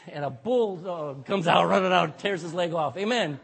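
A man's voice: high-pitched, fairly quick, vocal fry, hardly any pauses, fairly bright tone, slightly rough. A man preaching a sermon in an emphatic style, often tagging lines with "amen" and asking the congregation questions. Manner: emphatic, repeats "amen" and "you know". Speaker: pastor.

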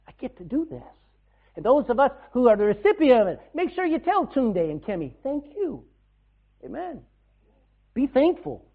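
Animated high-voiced male preacher, tinny sound. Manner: animated storytelling, shouting bursts and hushed asides. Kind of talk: sermon.

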